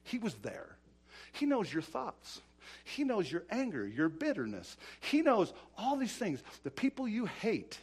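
A man preaching a sermon with passion, swinging from loud urging to quiet, soft-spoken storytelling. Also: sits high, huge pitch swings, unhurried, husky.

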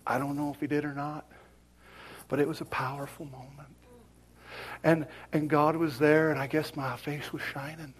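A middle-aged man preaching a sermon, telling a personal story and swinging from whispers to loud exclaims. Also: on the high side, level tone, normal speed, pauses often, breathy edge.

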